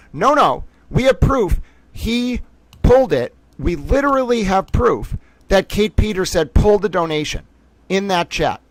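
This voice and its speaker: A man's voice: on the high side, no room sound. A man hosting a live-streamed commentary, reading posts aloud in a heated, indignant way. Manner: heated, indignant, swings from shouting to quiet. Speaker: livestream host.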